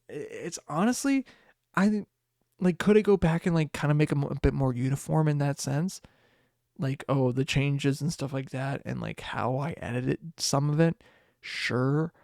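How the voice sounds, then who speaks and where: Gravelly, rambling late-night podcast man. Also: on the high side, darkish tone, dry recording, clean studio sound. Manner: rambling, trailing off, tired and yawning. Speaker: podcast host. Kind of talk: casual solo podcast talk.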